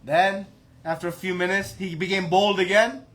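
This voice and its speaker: A man's voice: high-pitched, steady tone, normal speed, fairly bright tone. A man giving a devotional class, telling a story with emphatic rhetorical questions. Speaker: preacher.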